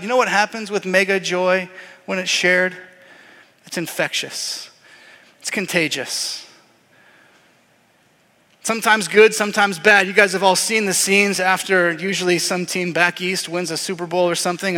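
A man preaching a sermon as pastor, telling the story in a lively way and acting out voices. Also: sits high, fairly quick, big-room sound. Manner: animated storytelling, acts out voices.

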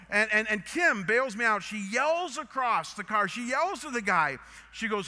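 A middle-aged man, a pastor, telling a story in a sermon and then praying, animated and full of restarts. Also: high-pitched, brisk. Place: church auditorium. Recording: long hall reverb.

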